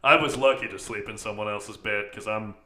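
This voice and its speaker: A man's voice: fairly low pitch, fairly even intonation, fairly quick, bright, forceful tone. A young man co-hosting a film podcast who teases his friends and cracks jokes in casual chat. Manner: teasing, wisecracking. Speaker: podcast co-host.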